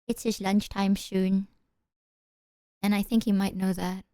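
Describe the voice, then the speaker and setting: A young woman livestreaming casual chat, animated and giggly, talking to her cat at her desk mic. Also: mid-range voice, unhurried, no echo, studio quality. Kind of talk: casual live-stream chat.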